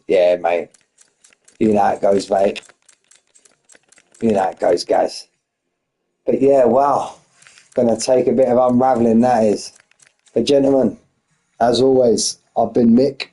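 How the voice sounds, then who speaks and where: A man commentating a sim racing league race, excitable and out of breath, firing off shout-outs. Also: medium pitch, measured pace, long pauses, rough recording. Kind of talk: live esports race commentary.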